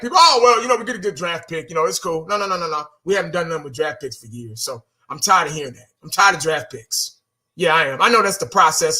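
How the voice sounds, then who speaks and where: A man's voice: on the high side, sharp tone. A man giving a casual, blunt fan rant, exasperated, repeating himself and cursing now and then. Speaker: fan vlogger.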